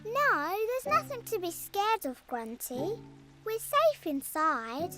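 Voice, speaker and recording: A woman voicing a calm, reassuring little girl rabbit in a children's cartoon, speaking slowly and patiently. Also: very high-pitched, over loud music, heavily acted. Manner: patient, soothing, slow and clear.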